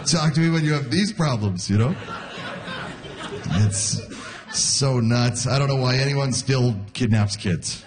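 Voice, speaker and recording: A man's voice: mid-range voice, drawn-out words, long pauses, noisy background. A man in his forties performing a stand-up comedy routine, telling stories and acting out the voices of the people in them. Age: 40s. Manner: animated storytelling that acts out quoted voices.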